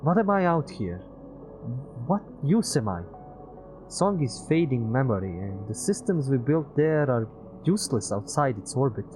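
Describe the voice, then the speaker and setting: A man's voice: medium pitch, big pitch swings, measured pace, voice pushed up, low-quality recording. A man reading a game aloud, voicing a weary male former engineering teacher who has lost his home and future. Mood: despairing. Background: music.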